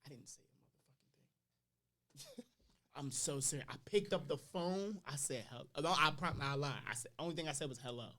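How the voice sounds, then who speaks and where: A young adult man, a podcast guest, telling personal stories in casual slang, his voice swinging between loud and quiet. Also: fairly high pitch, brisk, pauses often.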